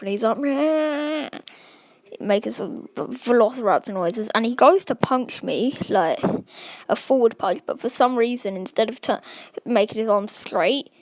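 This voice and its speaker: A woman's voice: a little high, darkish tone, dry recording. A woman telling a casual storytime vlog, rambling and full of "like" and "um" fillers. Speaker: vlogger.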